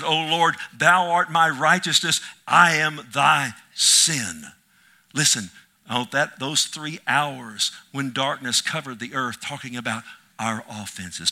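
Male pastor, fiery sermon, loud bursts to whispers. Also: mid-range voice. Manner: impassioned, swinging from loud cries to hushed whispers.

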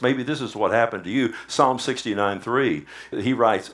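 A man's voice: medium pitch, normal speed, few pauses. A male pastor preaching a Sunday sermon in a church service, often asking his congregation "amen?". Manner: preaching with frequent "amen?" call-outs.

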